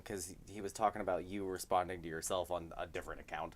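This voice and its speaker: A man's voice: low-pitched, quick pace. A man co-hosting a casual live-stream chat, rambling through stories and laughing as he goes. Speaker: podcast co-host.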